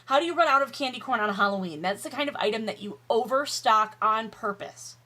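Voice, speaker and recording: Bright-voiced rambling woman vlogger. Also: on the high side, expressive, a little fast. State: tired. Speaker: YouTube vlogger. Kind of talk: casual chatty vlog while eating. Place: home office.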